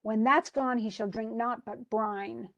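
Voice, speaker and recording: A vengeful male island monster, as a woman reads him begs a drunken master to take revenge. The voice sits a little high. The old-fashioned verse is read plainly. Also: steady tone, unhurried, fairly bright tone, muffled recording. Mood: pleading.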